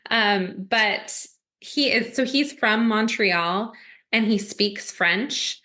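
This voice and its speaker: A woman's voice: mid-range voice, drawn-out words, sharp tone. A woman co-hosting a podcast, telling a story in a chatty way with frequent giggles. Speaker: podcast co-host. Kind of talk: casual chat.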